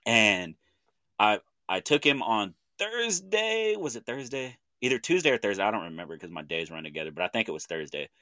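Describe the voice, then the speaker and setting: A man in his thirties from Oklahoma with an Oklahoma accent, co-hosting a podcast and telling a story in animated casual chat, acting out what people said in slangy talk. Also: on the low side, fairly quick, no echo. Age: 30s. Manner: animated storytelling with slang, acts out quoted voices. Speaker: podcast co-host.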